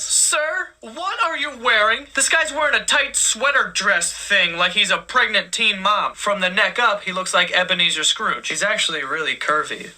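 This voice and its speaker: A man's voice: high voice, lively intonation, moderate pace, few pauses, sharp tone. A young man giving crude, profane, sarcastic commentary that roasts people for laughs. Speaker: comedy commentator. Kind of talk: mocking comedic commentary.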